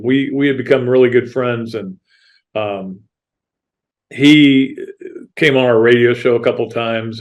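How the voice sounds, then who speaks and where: A middle-aged man hosting a podcast, chatting casually about sports in a rambling, earnest way with many restarts. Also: mid-range voice. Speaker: podcast host. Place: studio set.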